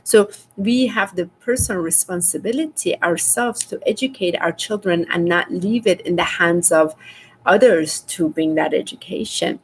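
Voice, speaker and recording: A middle-aged woman hosting a casual spiritual livestream, reading viewers' comments aloud and talking with animated exasperation. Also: moderate pace, slight background noise. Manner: animated, rises in pitch when exasperated. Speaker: spiritual host reading live chat.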